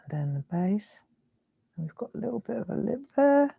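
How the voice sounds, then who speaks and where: A woman's voice: mid-range voice, sing-song, moderate pace, creaky, dark tone, husky, no room sound. A middle-aged woman hosting a live crafting stream, chatting and giggling as she works. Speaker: crafting host.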